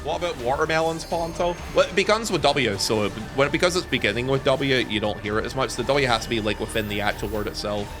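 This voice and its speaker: A young man from Northern Ireland with a softened Northern Irish accent, chatting and joking casually with his stream viewers. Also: medium pitch, quick pace, few pauses, over music.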